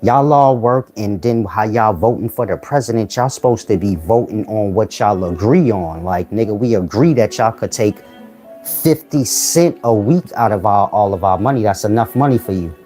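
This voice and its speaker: A man's voice: fairly low pitch, lively intonation, normal speed, mellow, soft background music. A man giving a casual philosophical monologue to his viewers, blunt and full of street slang, firing rhetorical questions. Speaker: channel host giving life advice.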